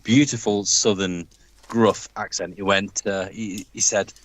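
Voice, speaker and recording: A man's voice: on the low side, fairly even intonation, unhurried, rough recording. An Englishman co-hosting a livestream in casual chat, enthusiastically describing things in lavish terms. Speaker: livestream co-host.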